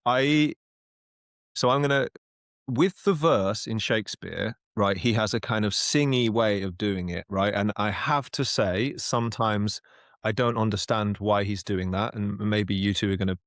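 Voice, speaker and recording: A man's voice: lowish voice, unhurried, fairly bright tone, no room sound, clean studio sound. Rambling male podcast host. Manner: rambling, many restarts and asides. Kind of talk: casual discussion.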